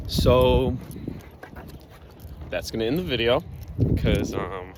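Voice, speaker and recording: A man's voice: mid-range voice, animated, slow pace, pauses often, background noise. A young man talking casually to camera as a skateboarding vlogger, rambling and swearing. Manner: swears a lot, exasperated rambling. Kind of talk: casual vlog talk to camera.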